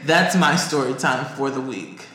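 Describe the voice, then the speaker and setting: A man co-hosting a podcast, telling a work story in a casual, profane, animated way. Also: moderate pace. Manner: animated, profane, high-pitched when quoting others. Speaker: podcast co-host. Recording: echoey room.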